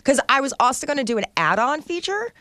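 A woman co-hosting a casual chat, playful and quick to laugh as she pitches a silly scheme. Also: big pitch swings, sharp tone, dry recording, clean studio sound. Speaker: co-host.

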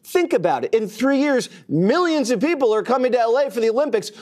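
High-voiced emphatic man. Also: expressive, a little mellow. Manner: emphatic, drawn-out for effect. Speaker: panel guest. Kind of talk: opinionated debate.

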